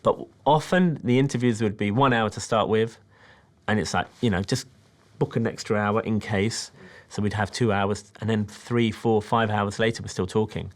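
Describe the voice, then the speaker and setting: A man from Britain, a film director, calmly explaining how he made his documentary in a reflective, measured way. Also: lowish voice. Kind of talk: interview about his documentary.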